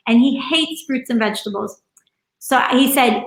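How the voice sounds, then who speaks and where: Middle-aged woman rambling earnestly in an interview, lots of ums and likes, slightly high voice, echoey room at home. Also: brisk, a bit bright. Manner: earnest, rambling, many fillers. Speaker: interview guest. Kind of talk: casual conversational interview.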